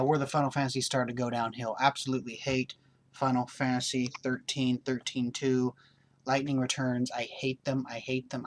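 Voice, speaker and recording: A man hosting a gaming channel, giving casual show-and-tell in a blunt, opinionated, rambling way. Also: mid-range voice.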